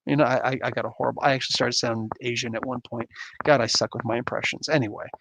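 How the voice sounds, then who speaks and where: A man's voice: medium pitch, fairly even intonation, very fast, creaky, fairly bright tone, slight background noise. A man hosting a casual livestream, rambling and chuckling as he reacts to chat comments. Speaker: livestream host reading chat.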